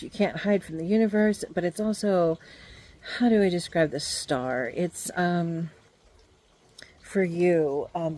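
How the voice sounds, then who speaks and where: Hesitant low-voiced woman tarot reader. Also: a little mellow, rough recording. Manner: hesitant and musing, many fillers. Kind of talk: casual tarot card reading.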